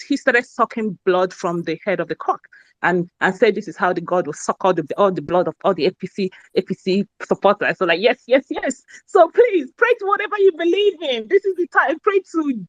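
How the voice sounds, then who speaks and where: A woman, talking in an excited, effusive and rambling way during a casual live chat. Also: sits high, no room sound, muffled recording. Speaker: speaker in a live audio space.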